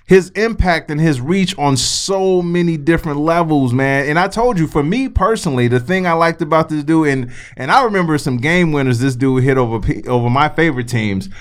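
A man with a slightly high voice, talking in a loose, animated podcast chat. He swears freely and tells his stories with plenty of push. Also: fairly quick, few pauses. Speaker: podcast co-host.

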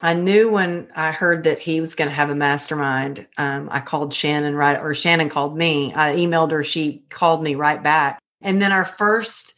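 A middle-aged woman speaks in a slightly low voice. She talks earnestly and tells her story with animation, like a guest in a casual podcast conversation. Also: steady tone, normal speed, hardly any pauses, a bit bright.

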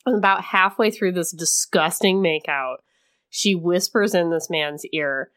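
A woman co-hosting a casual chat, telling stories in a wry, deadpan way. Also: lowish voice, a little slow, clear, resonant tone. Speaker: podcast co-host.

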